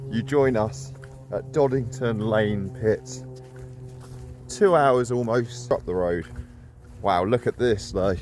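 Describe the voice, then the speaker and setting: A man with a low, darkish voice walks along a lake outdoors for his carp fishing vlog, slightly out of breath. His walk-and-talk chat is casual and self-deprecating, full of rambling asides.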